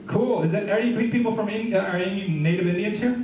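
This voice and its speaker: Speaking fast in a high voice, a middle-aged man delivers a chatty stand-up routine on a live stage, asking the crowd questions between jokes. The sound is echoey and distant.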